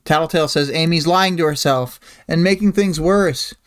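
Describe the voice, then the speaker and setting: A host talking through a chapter on a weekly livestream, rambling and hesitant. The voice is smooth and clear, at an average pitch. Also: moderate pace. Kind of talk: casual chapter discussion.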